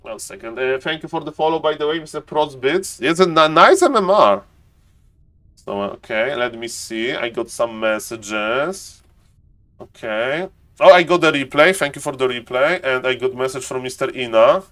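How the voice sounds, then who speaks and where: A young man streaming and commenting on a strategy game replay, excitable, talking to chat in non-native English and tripping over words. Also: mid-range voice, normal speed. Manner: excitable, talks to chat, keeps saying "ladies and gentlemen".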